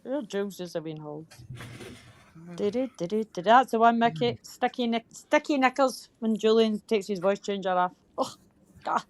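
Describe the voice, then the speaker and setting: A woman's voice: mid-range voice, moderate pace. A woman hosting a livestream in casual chat, teasing people with lots of swearing and laughter. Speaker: livestream host.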